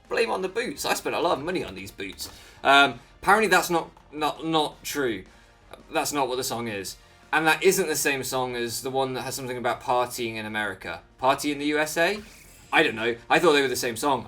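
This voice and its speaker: A man's voice: medium pitch, a bit bright. A man giving casual, rambling commentary over a Pokémon game, easily sidetracked and self-mocking. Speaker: Pokémon video creator.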